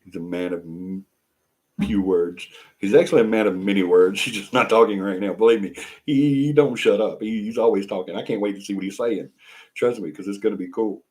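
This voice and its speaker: A rambling older man with a drawl, talking casually to viewers on a home live stream. His voice sits a little low, and he chuckles often as he wanders between topics. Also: brisk, a little mellow. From Alabama. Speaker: paranormal show host. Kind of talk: casual livestream chat.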